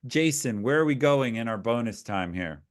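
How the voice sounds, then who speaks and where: A man's voice: medium pitch, animated, normal speed, smooth. A man hosting a live webinar, talking loosely and telling stories, often restarting his sentences. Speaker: host. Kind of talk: casual webinar conversation.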